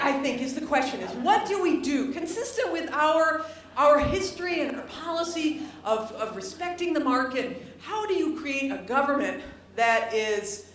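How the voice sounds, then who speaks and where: A middle-aged woman giving a public lecture to an audience, animated and humorous, at times rising almost to a shout. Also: sits high, slight background noise. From United States. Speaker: lecturer, former governor. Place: library lecture hall. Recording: very echoey hall, voice from some distance.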